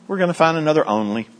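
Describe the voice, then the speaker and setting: A middle-aged man teaching a Bible study, moving from quiet asides to high, excited storytelling.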